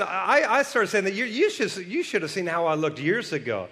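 A male pastor preaching a sermon with energetic, excited delivery that climbs into shouts. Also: sits high, moderate pace, hardly any pauses, in a large hall. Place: large church hall.

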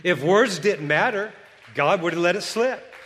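Male pastor, high voice, emphatic preaching style, big reverberant room. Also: animated, unhurried. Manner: emphatic preaching, swings from soft asides to loud declarations. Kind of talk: sermon.

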